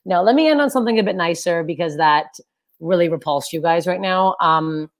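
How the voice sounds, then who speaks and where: A woman's voice: fairly low pitch, brisk. A young woman doing a crude, self-deprecating, rambling stand-up set over a video call. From Canada. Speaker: stand-up comedian.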